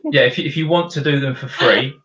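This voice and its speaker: A man's voice: mid-range voice, fast, a bit bright, reverberant, muffled recording. A man with a South London accent, a podcast guest giving practical explanations in casual chat. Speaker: guest, video company director.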